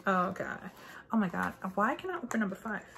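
A woman's voice: medium pitch, fairly quick, gravelly, noisy background. A woman vlogging casually as she unboxes an advent calendar at her desk, gasping and exclaiming over each item. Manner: excitable, gasping and exclaiming while unwrapping. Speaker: beauty vlogger. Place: indoors at a desk.

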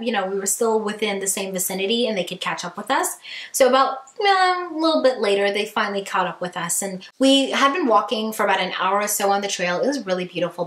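A young woman vlogger telling a storytime, animated and acting out what people said. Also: medium pitch. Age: young adult. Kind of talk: casual storytime. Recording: echoey room.

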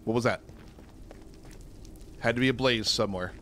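A man hosting a gaming channel, chatting casually and excitably through his own gameplay and laughing at himself. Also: medium pitch, moderate pace, a little hiss or hum. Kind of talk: casual let's-play commentary.

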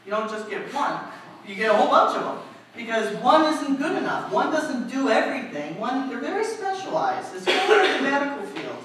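A woman preacher giving a lively storytelling sermon, asking the congregation questions as she goes. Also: high-pitched, a little fast, crowd noise. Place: church. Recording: echoey hall, distant mic, faint noise.

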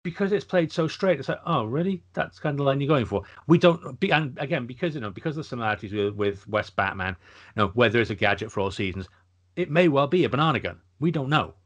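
A man's voice: mid-range voice, lo-fi sound. A man co-hosting a podcast, chatting casually and rambling with lots of agreement. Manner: rambling, restarts, quick agreement. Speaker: podcast co-host. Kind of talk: casual chat.

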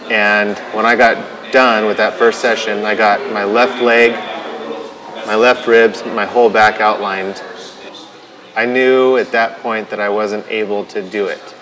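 A man, a tattoo artist, telling his story in a documentary interview, halting and restarting often and quoting his own thoughts. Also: on the low side, steady tone, a crowd in the background, rough recording. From United States.

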